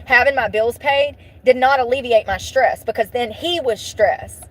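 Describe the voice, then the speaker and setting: A woman talks straight to her viewers in a fairly high voice, airing a grievance. She is blunt and swears freely, hammering her points home by repeating the same phrase again and again. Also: moderate pace, a bit bright, poor audio. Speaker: vlogger. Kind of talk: emotional venting monologue.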